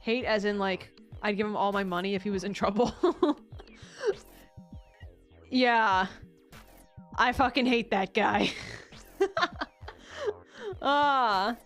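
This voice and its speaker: A woman's voice: mid-range voice, slow pace, long pauses, fairly bright tone, faint music behind. A woman streaming casual chat, rambling with frequent restarts, swearing casually and laughing often.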